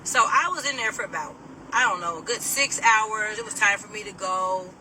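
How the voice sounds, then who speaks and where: A middle-aged woman chats to camera from inside a car, animated and sassy and quick to laugh. Her voice is strikingly bright and cutting. A faint hum of traffic sits underneath. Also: mid-range voice, recorded from a distance, rough recording. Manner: animated, sassy, laughing, mimics people loudly. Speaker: vlogger telling a personal story. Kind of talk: casual storytelling to camera.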